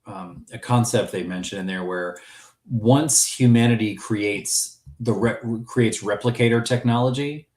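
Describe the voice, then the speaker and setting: A man's voice: on the low side, unhurried, a little mellow, reverberant. A man co-hosting a fan podcast in casual chat, enthusiastic and joking, with frequent restarts. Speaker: podcast co-host.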